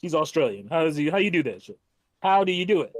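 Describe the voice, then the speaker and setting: A man's voice: fairly high pitch, big pitch swings, fast talker, dry recording. A man co-hosting a gaming podcast, chatting casually in a brash, profane way and laughing often. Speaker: podcast co-host. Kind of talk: casual chat.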